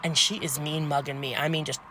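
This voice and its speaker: A woman who works as a home health aide telling a comic story, animated, blunt and salty. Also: low-pitched, brisk, slight background noise.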